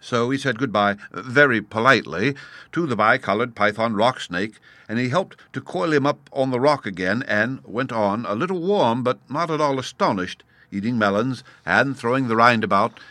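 A man reading a storybook aloud in a measured, expressive way, addressing the listener directly. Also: medium pitch, dry recording.

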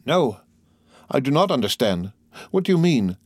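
A man's voice: mid-range voice, expressive, normal speed, no room sound, voice pushed up, close to an everyday voice. A man voicing a desperate, terrified woman accused of poisoning, stammering and pleading in a dry, close recording. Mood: frantic.

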